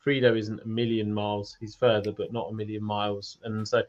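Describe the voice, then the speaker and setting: A man's voice: on the low side, flat delivery, a little fast, a little mellow, muffled recording. A British man hosting a casual online Q&A, chatty and rambling, laughing easily. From United Kingdom. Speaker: host of a community Q&A.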